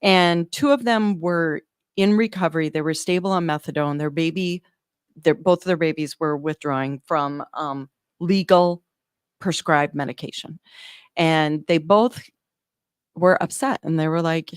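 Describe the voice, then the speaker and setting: Low-voiced woman telling a story. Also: a little slow, clean tone, no room sound, clean studio sound. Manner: earnest, animated retelling with quoted dialogue. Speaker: neonatal medical provider, guest. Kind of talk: storytelling in an interview.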